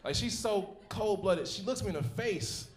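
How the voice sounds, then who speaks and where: A man's voice: sits high, moderate pace, slight background noise. A man in his thirties performing a profane, laughing stand-up comedy set on a comedy club stage. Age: 30s. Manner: profane, animated storytelling with laughs. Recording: roomy live club sound.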